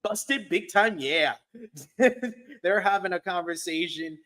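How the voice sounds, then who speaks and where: A man's voice: high-pitched, expressive, takes it slowly, pushed and bright. A man co-hosting a casual review show, recapping events in a conversational way. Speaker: podcast co-host. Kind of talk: casual wrestling review chat.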